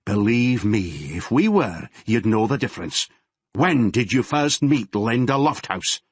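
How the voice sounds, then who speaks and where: A hard-edged Glaswegian detective, snarling and pushing for answers, as a man reads him. The voice is husky and swings freely in pitch. The audiobook recording is dry and close. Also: big pitch swings, unhurried, no echo, full character voice. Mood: menacing. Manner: snarling, interrogating. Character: gruff Glaswegian male police detective, bullying. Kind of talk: audiobook character reading.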